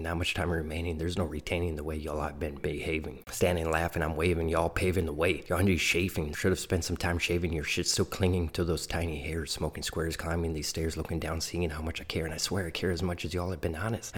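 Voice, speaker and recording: A man performing rhymed spoken-word rap in dense, confrontational, profane verses. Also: deep voice.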